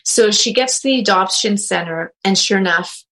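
A woman who works as a medium and animal communicator, telling a story in a casual interview and acting out the quotes with big jumps in pitch. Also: moderate pace, pushed and bright, poor audio.

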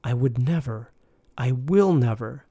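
A man's voice: medium pitch, lively intonation, measured pace, dark tone. A man voicing an anguished, loyal male disciple who pleads in an earnest, strained way. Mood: pleading.

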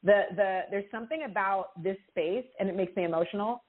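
A woman giving intuitive readings to callers on a call-in show, expressive and reassuring, with feeling in her voice. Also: mid-range voice, fairly quick. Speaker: intuitive reader answering callers. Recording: tinny phone-line sound.

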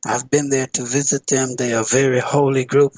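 Male radio teacher, earnest and deliberate, average pitch, dry studio sound, leans on repetition. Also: flat delivery, darkish tone, no room sound, low-quality recording. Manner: earnest, emphatic, repeats key phrases; measured delivery with hesitant fillers.

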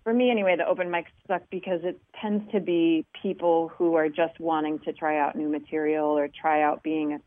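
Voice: medium pitch, fairly even intonation, a little fast, hardly any pauses, no echo. A podcast host chatting casually with a guest, encouraging and reflective. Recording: dry, tinny phone-like sound.

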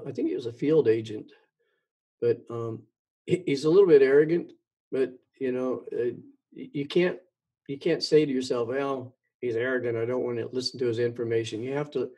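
A man's voice: mid-range voice, moderate pace, warm tone, breathy edge. A man hosting his own show, talking in a rambling monologue, stumbling and repeating words with many ums. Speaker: podcast host.

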